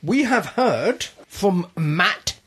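A co-host of a casual podcast chat, animated and jokey. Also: medium pitch, extremely slow, slightly rough. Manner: animated, jokey, breaks into laughter.

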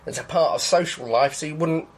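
A man co-hosting a casual episode commentary, halting and repeating words as he searches for them. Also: on the high side, low-quality recording. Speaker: podcast co-host.

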